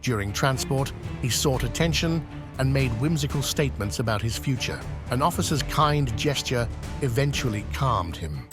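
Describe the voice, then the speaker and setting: A man's voice: mid-range voice, animated, moderate pace. A man narrating in a scripted, matter-of-fact way. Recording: voice-over with music behind.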